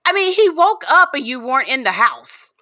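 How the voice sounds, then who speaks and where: Bright, dry-sounding woman chatting. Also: sits high, very animated, moderate pace, dry recording. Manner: chatty, reacts with agreement and laughter. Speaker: podcast guest. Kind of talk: casual chat.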